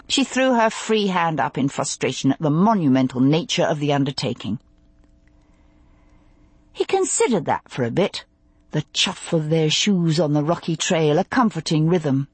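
A woman narrating a novel in an expressive, measured storytelling manner. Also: lowish voice, slightly rough, no echo. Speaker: audiobook narrator. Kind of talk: scripted narration.

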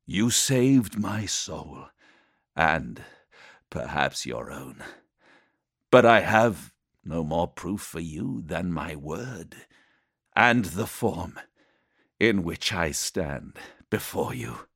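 A man's voice: low-pitched, animated, extremely slow, a bit bright, husky, no echo, studio quality, exaggerated voice. Man voicing an earnest armored warrior. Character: pained, earnest male armored space warrior.

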